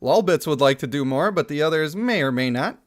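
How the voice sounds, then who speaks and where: A man's voice: fairly high pitch, lively intonation, brisk. A man in his thirties chatting casually on a livestream, reading out chat messages and laughing often. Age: 30s.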